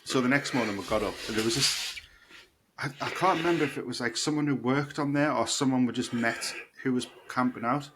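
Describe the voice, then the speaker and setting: A man's voice: mid-range voice, brisk. A man co-hosting a podcast, telling a rambling story in casual chat and swearing freely. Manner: animated, swearing, laughing storyteller. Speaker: podcast co-host. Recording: noisy podcast recording.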